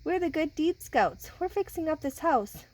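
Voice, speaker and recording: Woman, storybook reader, read-aloud to children, fairly high voice, animated. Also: normal speed, low-quality recording. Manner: animated, talks with listening children. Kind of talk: reading a picture book aloud.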